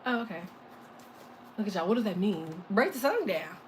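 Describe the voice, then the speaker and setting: A woman's voice: mid-range voice, lively intonation, moderate pace, background noise. A woman reading tarot on a casual live stream, sassy and playful, laughing often and slipping into silly voices for imagined people. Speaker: tarot reader.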